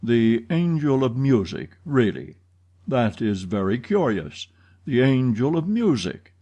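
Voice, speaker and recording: A man voicing a solemn police commissary in an audiobook, asking measured, probing questions. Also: medium pitch, big pitch swings, warm tone, husky, lo-fi sound, heavily acted. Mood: skeptical. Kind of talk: audiobook character reading.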